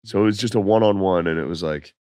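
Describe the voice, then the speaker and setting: A man telling laid-back, profane stories as a comedian guest on a podcast, his voice going hoarse. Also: low-pitched, quick pace, darkish tone, dry recording, studio quality. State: losing his voice. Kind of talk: casual podcast chat.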